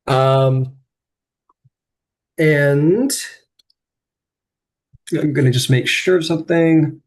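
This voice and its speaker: A man narrating as game master of a tabletop game, telling the scene in a lively, rambling way full of fillers. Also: on the high side, drawn-out words, long pauses.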